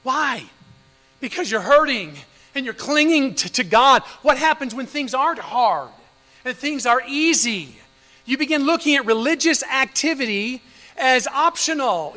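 High, bright-voiced fervent male preacher. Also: lively intonation, moderate pace, in a large hall, poor audio. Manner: fervent preaching with rhetorical questions; swings between loud emphasis and low hushed passages. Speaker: pastor. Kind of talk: sermon.

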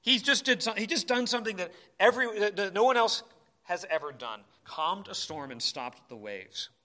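A man preaching a sermon in a church, impassioned, swinging between urgent cries and quiet asides. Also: high-pitched, lively intonation, normal speed. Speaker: pastor.

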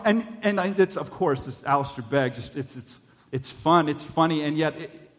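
A man's voice: fairly high pitch, normal speed, long reverb tail. A male pastor preaching a sermon in a church, earnest and building to urgent appeals.

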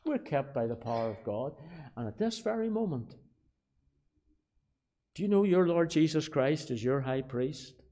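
Northern Irish man preaching, rising to loud emphasis. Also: on the high side, lively intonation, measured pace, pauses often. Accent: Northern Irish, Belfast. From Northern Ireland. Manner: swings between soft quiet asides and loud emphatic declarations, repeating key phrases. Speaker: pastor. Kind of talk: sermon.

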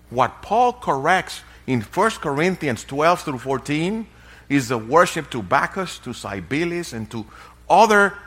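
Slow, bright-voiced emphatic male preacher. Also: a little high. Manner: emphatic, rising to loud peaks. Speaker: pastor. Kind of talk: sermon.

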